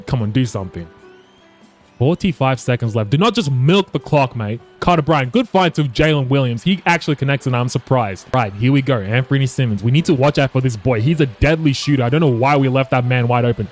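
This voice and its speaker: A young man giving casual, frustrated commentary over a basketball video game, cursing and swinging from low mutters to loud outbursts. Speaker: gaming YouTuber.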